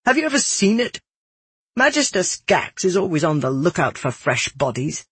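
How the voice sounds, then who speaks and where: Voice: medium pitch, sing-song, moderate pace, fairly bright tone, slightly rough, no room sound, exaggerated voice. A narrator voicing a cruel young male noble who sneers and spits out threats in an audiobook. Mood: taunting. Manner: threatening, spitting out taunts. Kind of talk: audiobook character voice.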